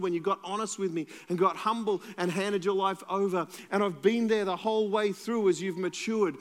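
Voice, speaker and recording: A man preaching a sermon as pastor, earnest and moving between urgent and hushed delivery. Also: high-pitched. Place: church hall. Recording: long church reverb with faint music.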